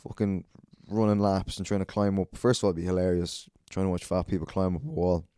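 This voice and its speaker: A man's voice: low voice, little pitch movement, brisk, mellow, clear, resonant tone, dry recording, studio quality. An Irish man hosting a solo podcast, rambling and swearing a lot, self-mocking and a bit out of breath. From Ireland. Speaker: podcast host.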